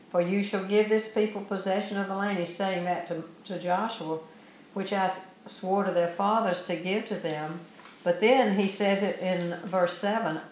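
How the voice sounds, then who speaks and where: A woman's voice: medium pitch, fairly even intonation, unhurried, roomy sound, a little hiss or hum, rough recording. A woman preaching a sermon, reading scripture verses aloud and then explaining them earnestly.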